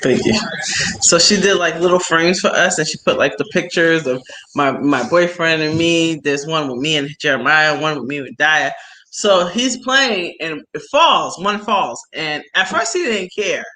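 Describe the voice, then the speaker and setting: Woman on a phone livestream, chatty and slangy, voice jumps all over, bright and sharp. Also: low voice, normal speed, low-quality recording. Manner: animated storytelling with slang and laughs. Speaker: livestream host chatting with viewers. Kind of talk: casual chat.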